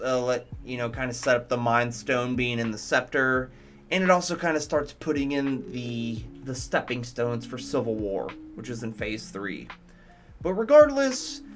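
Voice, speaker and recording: A man's voice: mid-range voice, fairly bright tone. A man reviewing movies in casual commentary, enthusiastic, profane and rambling.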